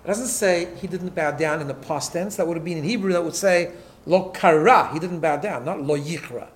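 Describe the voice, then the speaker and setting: A man's voice: a little high, brisk. A man teaching a Torah class, emphatic, often repeating words and checking in with "right?". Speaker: rabbi.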